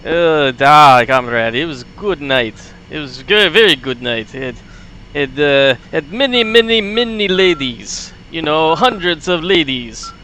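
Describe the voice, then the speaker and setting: A swaggering Soviet fighter pilot , as a man puts him on, speaks in a thick fake Russian accent with clipped broken grammar. The voice sits bright and fairly high, and he pushes it out louder than normal talk. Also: animated, measured pace, slight background noise. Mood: boastful. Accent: put-on Russian. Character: boastful male Soviet pilot comrade. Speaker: streamer playing a flight sim.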